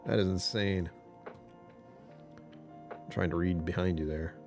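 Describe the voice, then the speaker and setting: A man's voice: sits low, lively intonation, measured pace, gravelly, long pauses, darkish tone, faint music behind. A man chatting casually on a live stream, rambling and joking with viewers.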